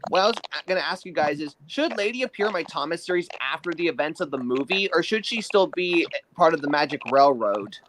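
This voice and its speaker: A man's voice: on the high side, lively intonation, fairly quick, few pauses, background noise. A man from Argentina hosting a live stream, chatting eagerly with friends. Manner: eager, asks questions. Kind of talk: casual chat.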